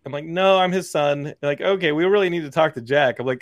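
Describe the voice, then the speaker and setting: A man in his forties, a podcast host, telling a story in casual chat and acting out the dialogue in lively quoted voices. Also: a little high, fast, no echo, muffled recording. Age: 40s.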